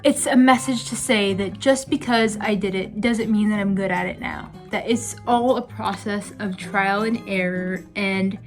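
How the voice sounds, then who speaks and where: A young adult woman vlogging in a casual, chatty way, dramatically complaining and using lots of "like" fillers. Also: mid-range voice. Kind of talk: casual vlog chat.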